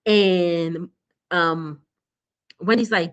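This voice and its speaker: A woman's voice: medium pitch, measured pace, fairly bright tone. Chatty woman giving a blunt show recap. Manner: chatty and blunt, laughing often, addressing viewers as y'all. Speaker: TV recap vlogger. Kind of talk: casual recap chat.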